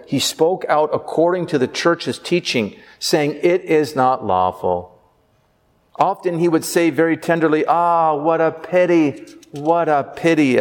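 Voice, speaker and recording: A priest preaching a sermon with earnest delivery, slowing down for emphasis. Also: male voice, on the high side, expressive, long reverb tail.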